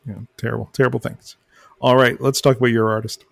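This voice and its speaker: A man's voice: medium pitch, level tone, quick pace, vocal fry, dry recording, studio quality. A man, co-hosting a podcast in casual chat, blunt and jokey. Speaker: podcast co-host.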